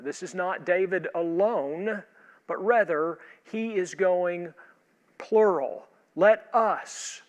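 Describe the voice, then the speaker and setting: A pastor talks through an upcoming sermon in a steady, measured way, stacking one rhetorical question on another. His voice sits a bit high for a man. Long reverb trails after each phrase, as if recorded in a large hall. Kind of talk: sermon preview talk.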